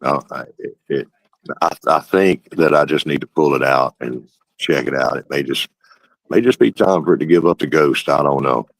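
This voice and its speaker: A man with a very deep, gravelly voice chats on a live stream. He jokes dryly and often stops and restarts his sentences. The sound is dry and close. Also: no room sound. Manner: dry, joking, halting. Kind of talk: casual live-stream chat.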